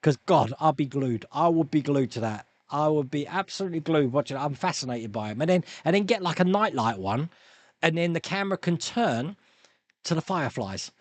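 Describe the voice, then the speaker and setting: A man's voice: fairly high pitch, expressive, fairly quick, no echo. A man hosting a live stream, chatting casually and rambling through viewer comments with frequent laughs and restarts.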